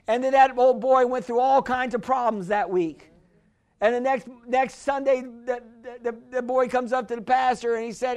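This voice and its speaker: A woman preaching a sermon, emphatic, repeating key phrases and stumbling into restarts, slowing right down to stress a point. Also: fairly high pitch, fairly even intonation, a little mellow. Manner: slows down hard to stress lines.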